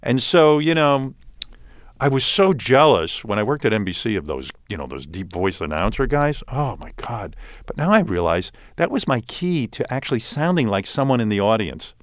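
Animated New York man telling stories. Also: medium pitch, moderate pace, no room sound. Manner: animated, self-mocking storytelling with frequent restarts. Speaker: radio host as guest. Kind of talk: casual interview talk.

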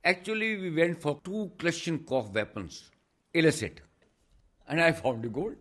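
A man's voice: fairly high pitch, moderate pace, a bit bright. An older man with a Pakistani accent, a retired police investigator telling his story emphatically in an interview. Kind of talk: interview answers.

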